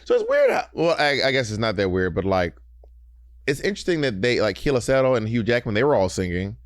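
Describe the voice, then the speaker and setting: A man co-hosting a podcast in casual chat, quick and chatty, often correcting himself mid-sentence. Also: medium pitch, animated, no room sound, clean studio sound. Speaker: podcast co-host.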